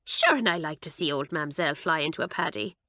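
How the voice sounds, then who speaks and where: A woman's voice: low voice, expressive, quick pace, bright, forceful tone, no room sound, clean studio sound, exaggerated voice. Woman doing a cheeky Irish schoolgirl. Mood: teasing. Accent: put-on Irish. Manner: easygoing, teasing.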